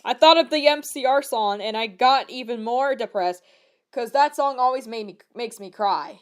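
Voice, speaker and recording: A woman's voice: fairly high pitch, moderate pace. A woman hosting her channel, reading a fanfiction aloud and breaking off for exasperated, incredulous comic asides. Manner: exasperated, incredulous asides between read passages.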